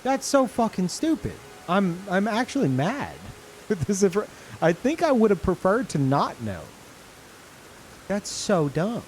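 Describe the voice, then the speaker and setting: A man commentating his own gameplay on stream, cursing in disbelief and swinging from high yelps to low grumbles. His talk is slow and drawn out, with a fairly high, very lively pitch. A faint hiss sits under the desk-mic recording. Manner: swearing, incredulous, jumps between loud outbursts and low mutters.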